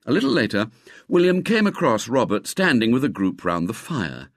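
A man reading a children's story aloud with expressive, lively narration. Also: medium pitch, normal speed, no echo, studio quality.

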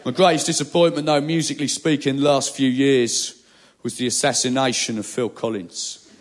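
A man doing a stand-up monologue in a blustering, deadpan rant. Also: mid-range voice, moderate pace, very noisy. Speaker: stand-up comedian.

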